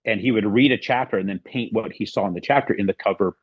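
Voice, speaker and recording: On a podcast, a middle-aged male guest tells a casual story fast in a low, husky voice, rambling along and acting out what each person said. The audio is dry and slightly dull, with no room sound.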